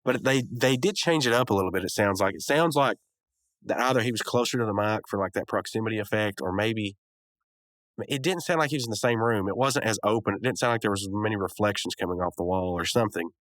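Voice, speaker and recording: Low-voiced guy rambling through a cartoon recap, dry close mic, lots of ums. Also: fast, a bit bright, no room sound. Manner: rambling, chuckling, lots of fillers. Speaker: podcast host. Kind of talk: casual episode recap.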